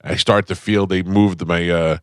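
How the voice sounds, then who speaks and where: A man's voice: low-pitched, fairly even intonation, measured pace, clear, resonant tone, dry recording. A male radio host in casual studio chat, telling a long, self-deprecating comic story with lots of detours. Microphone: studio microphone.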